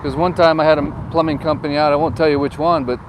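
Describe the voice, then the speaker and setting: A man's voice: a little high, level tone, fast talker. A man giving casual, joking tour commentary while driving, filmed on a phone. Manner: chatty, jokey, tells anecdotes. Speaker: real estate agent vlogger. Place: in a car driving outdoors. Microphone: phone camera. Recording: windy outdoor phone recording. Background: wind and traffic noise.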